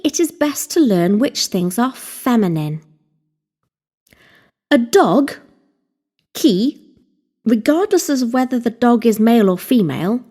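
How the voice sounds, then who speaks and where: Woman tutor, mellow higher voice, deliberate scripted lesson delivery. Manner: slow, deliberate, spelling out vocabulary. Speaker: Welsh language teacher. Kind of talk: scripted instructional narration.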